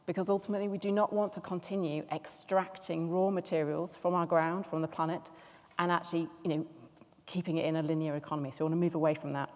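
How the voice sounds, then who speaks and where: A woman's voice: fairly low pitch, fairly even intonation, fast talker, darkish tone. A woman on a panel explaining a concept enthusiastically, building lists and repeating phrases for emphasis. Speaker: circular economy expert panelist. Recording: long hall reverb.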